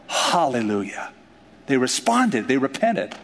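A man preaching a sermon in an animated, joking way, acting out the voices of the people in his stories. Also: on the high side, moderate pace. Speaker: pastor. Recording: long hall reverb.

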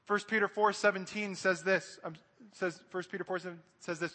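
Male preacher with a high voice, earnest and straight-talking to the church, reverberant hall. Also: steady tone, normal speed, sharp tone. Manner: earnest, direct, addresses the congregation. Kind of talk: sermon.

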